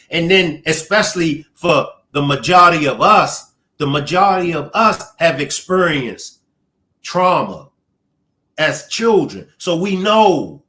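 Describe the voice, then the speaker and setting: Male live stream host, emotional commentary, bright high-leaning voice, AAVE speech. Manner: emotional, reacting to clips and chat.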